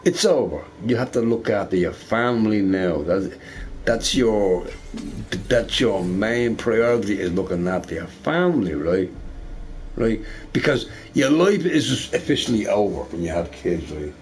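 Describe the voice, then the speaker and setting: A man's voice: lowish voice, expressive, measured pace, a little mellow, slight background noise. A middle-aged man ranting casually while he games, swearing and tagging his lines with "right?". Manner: rambling, profane, tags lines with "right?". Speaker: shop boss and gamer. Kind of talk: casual rant while gaming.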